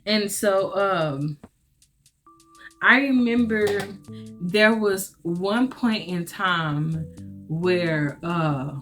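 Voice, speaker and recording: A woman's voice: on the low side, extremely slow, soft background music. A woman vlogger telling a story in a casual, chatty way, often talking straight to her listeners. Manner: chatty, emphatic, addresses listeners as y'all.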